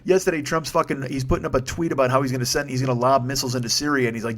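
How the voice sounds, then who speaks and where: A man talks quickly into a microphone on his comedy podcast. He rants in a loose, rambling way, heavy with profanity and sarcasm. His pitch sits in the middle range. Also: fairly even intonation, fairly bright tone. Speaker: podcast host. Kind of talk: solo comedy podcast rant. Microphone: studio microphone.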